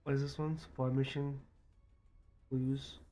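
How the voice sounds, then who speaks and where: A man streaming a game live, muttering to himself and swearing in frustration, his throat scratchy and often cleared. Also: mid-range voice, level tone, unhurried, warm tone. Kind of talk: live gaming stream commentary.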